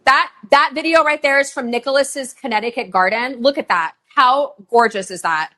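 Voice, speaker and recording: A middle-aged woman hosting a live online shopping show, chatting in a bubbly, gushing way and running quick countdowns between items. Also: high voice, bright, forceful tone.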